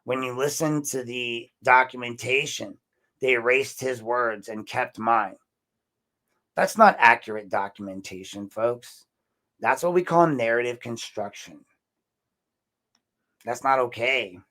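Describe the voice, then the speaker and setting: Man, podcast host, emphatic commentary, repeats words, mid-pitched voice. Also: a little slow, pauses often, pushed and bright. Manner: emphatic, repeats words, addresses listeners as folks. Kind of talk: commentary on a council meeting.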